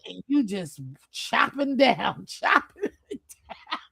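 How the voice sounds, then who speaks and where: A woman chatting casually to her viewers on a livestream, loud and playful, laughing often and trash-talking. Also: fairly high pitch, sing-song, extremely slow, vocal fry, husky, no room sound. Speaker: channel host. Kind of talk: casual live chat.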